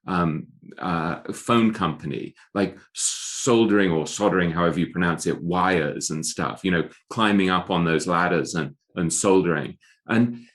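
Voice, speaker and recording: A middle-aged man speaking as an author guest in an interview, thoughtful and often repeating words as he searches for phrasing. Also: low voice. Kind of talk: conversational interview.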